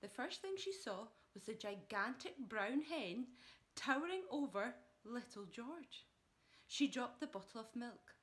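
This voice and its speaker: A woman teacher reading a children's book aloud with expressive storytelling. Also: a little high, measured pace. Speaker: primary school teacher.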